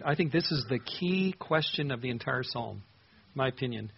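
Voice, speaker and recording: Guy preaching a sermon, reads bible verses and explains, breathy voice. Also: mid-range voice, expressive, moderate pace, lo-fi sound. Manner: earnest, reads scripture aloud and comments. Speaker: pastor.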